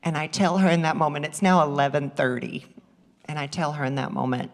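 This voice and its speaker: A middle-aged woman minister in a church, telling a story with lively energy and slipping into the voices of the people in it. Her voice sits a little low, and a long hall reverb trails behind every line. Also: fairly quick, creaky. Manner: lively, animated storytelling, acting out quoted voices. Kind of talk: storytelling sermon. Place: church sanctuary.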